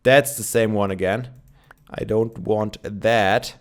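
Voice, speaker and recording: This Minecraft let's player is a young man speaking slowly in a steady, lowish voice that still has a morning roughness. His commentary is relaxed and rambling, full of fillers as he thinks aloud.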